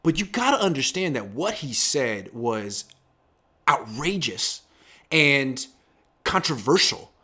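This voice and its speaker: A man in his thirties hosting a casual sports talk show, animated and acting out quotes in swinging voices. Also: medium pitch, slow pace, breathy edge.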